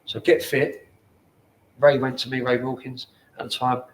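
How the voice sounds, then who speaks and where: A man in his forties with a London accent, a former footballer telling stories in casual chat in a bar, animated and swearing often. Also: medium pitch, measured pace. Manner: animated, swears often, acts out quoted people. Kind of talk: casual storytelling.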